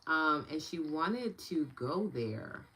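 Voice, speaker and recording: A young woman with a New York accent, a meditation and tapping guide, teaches casually on a live stream while reading the chat. Her voice is low and grounded and her pace slow, yet she turns bubbly and bursts into excited laughter. The recording quality is low.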